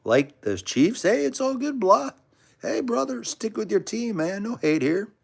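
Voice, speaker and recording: An American man hosts a casual livestream, reading comments and chatting with viewers in a chummy, rambling manner, calling them brother and man. His voice is high-pitched and sing-song, unhurried, with a gravelly, husky texture.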